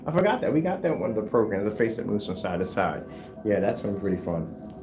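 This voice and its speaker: A man's voice: lowish voice, quick pace, over music. A man talking casually in a home workshop vlog, rambling and restarting, sometimes raising his voice to scold his cat. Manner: rambling, chatty, restarts often. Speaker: home theater screen maker.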